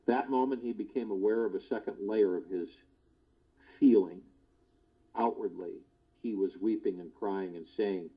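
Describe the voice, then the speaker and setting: A man giving a spiritual discourse, slow and deliberate, often repeating his key phrases. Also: on the low side, dull audio. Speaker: spiritual teacher.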